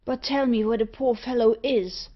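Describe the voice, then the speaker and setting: Auriol, a proud, defiant gentleman, as a woman reads him. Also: a little high, steady tone, unhurried, lo-fi sound, lightly acted. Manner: earnest, defiant.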